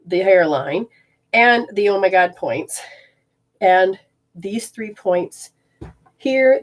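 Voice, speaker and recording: A woman leading a live energy healing session, rambling and often breaking off mid-sentence as she walks through hands-on techniques. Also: fairly low pitch. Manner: rambling, self-interrupting, explains hands-on techniques. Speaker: energy healer.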